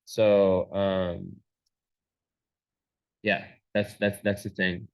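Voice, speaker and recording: Man, astrology reading, rambling, lots of fillers, lowish voice. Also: flat delivery, drawn-out words, gravelly, poor audio. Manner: rambling, many fillers and restarts.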